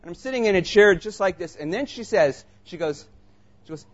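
A man preaching a sermon, telling a personal story in an animated, conversational way before turning to scripture. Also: high-pitched, fairly quick. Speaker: pastor. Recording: muffled lo-fi recording.

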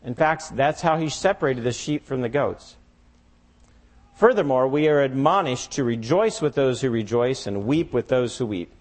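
A man's voice: mid-range voice, expressive, moderate pace. A man preaching a sermon, telling a farmyard story expressively before turning to scripture. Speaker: pastor.

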